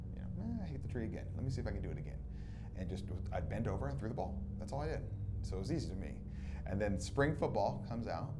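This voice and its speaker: A man's voice: lowish voice, very noisy. A man from Southern California, recounting his youth in an interview and acting out the dialogue as he tells it. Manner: lively storyteller who acts out quoted dialogue. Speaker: documentary subject. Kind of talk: reminiscing interview.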